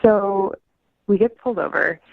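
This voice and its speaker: A woman calling into a radio show, telling her story in an animated, incredulous way. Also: medium pitch, a little slow, vocal fry, dry recording. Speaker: caller. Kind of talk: phone call on radio. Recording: muffled phone line.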